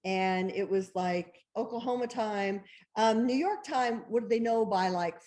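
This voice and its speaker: A woman author, a guest in an interview, telling a story in an excitable way, laughing often and acting out the dialogue she recalls. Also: mid-range voice, a little slow.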